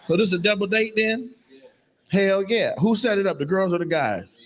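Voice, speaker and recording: A man with a fairly high voice works the crowd at a live comedy show, roasting audience members with brash, profane banter. He talks into a stage mic, and the room behind him is full of steady noise. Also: normal speed. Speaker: stand-up comedian doing crowd work. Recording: noisy live venue sound.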